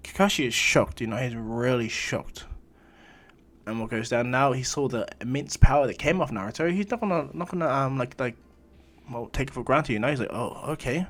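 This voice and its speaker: A man's voice: medium pitch, a little fast, a bit bright. A man improvising a fan story in a rambling, filler-heavy way.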